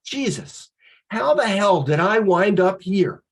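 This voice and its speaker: A gruff, gnarled old baseball coach barks at his team in an exasperated scold, as a man reading puts him on. The voice leaps high and has a husky grain. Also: very animated, slow pace, exaggerated voice.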